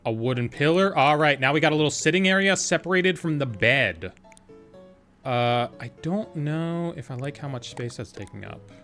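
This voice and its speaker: A man's voice: a little high, animated, normal speed, a bit bright, soft background music. A man casually commenting on his gameplay, thinking aloud in a chatty, playful way and answering his chat. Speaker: game streamer.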